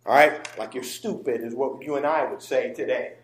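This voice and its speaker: A man preaching a sermon in a church, emphatic, moving from quiet asides to near-shouting. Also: mid-range voice, fairly even intonation, moderate pace. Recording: roomy echo.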